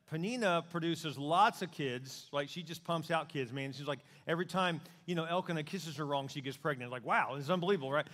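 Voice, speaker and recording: A male pastor preaching a sermon in a conversational, joking and animated way. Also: fairly high pitch, in a large hall.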